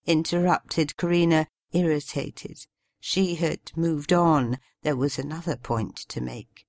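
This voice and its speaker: A woman narrating a story in a measured, expressive storytelling manner. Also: low-pitched, no echo. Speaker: audiobook narrator. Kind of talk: scripted narration.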